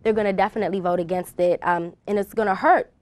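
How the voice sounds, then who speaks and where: A woman on a talk show speaks earnestly, urging listeners to act. Her voice sits at an ordinary middle pitch for a woman. She talks in an instructive, insistent manner. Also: fairly even intonation, fast talker, a little mellow, no echo. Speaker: guest.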